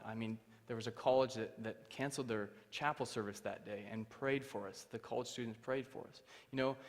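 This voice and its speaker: Young man telling a story in a reverberant church. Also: mid-range voice. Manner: animated, acts out the voices in his story. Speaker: guest speaker. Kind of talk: storytelling testimony. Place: church hall.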